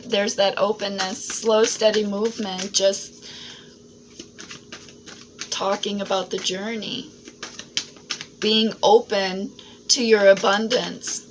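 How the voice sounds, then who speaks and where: A woman talking through a tarot reading at a slow, unhurried pace, rambling from thought to thought and checking in with "right?" She sounds like an everyday speaker with a mid-range voice. Clear background noise hums under her recording. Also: medium pitch, level tone. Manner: rambling, frequent "right?" and "um" asides. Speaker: tarot reader. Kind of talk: casual spiritual reading monologue. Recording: noisy home recording.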